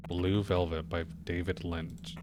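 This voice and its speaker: A man's voice: deep voice, level tone, unhurried, background noise. A man streaming a video game, muttering wry, casual commentary with frequent swearing. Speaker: gaming streamer. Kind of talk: casual let's-play commentary.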